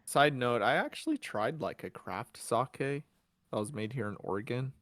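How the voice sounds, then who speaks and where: A man co-hosting a casual podcast chat, talking in halting bursts with frequent restarts and easy laughter. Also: mid-range voice, lively intonation, fairly bright tone, no echo, studio quality. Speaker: podcast co-host.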